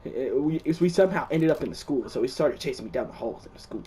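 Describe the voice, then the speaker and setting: A young man casually telling the story of a dream, excitable, swearing often and restarting his sentences. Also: mid-range voice, fast talker, a little hiss or hum. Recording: distant mic.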